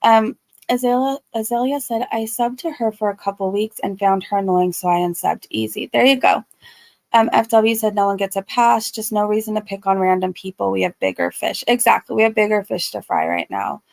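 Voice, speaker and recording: A woman chatting on a casual livestream, earnest and soft-spoken, with a gravelly fry running under her mid-pitched voice. She reads viewer comments and answers them with many ums and likes. The sound is close and dry, with no room around it. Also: expressive, fairly quick, dry recording. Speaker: YouTube commentary host reading live chat.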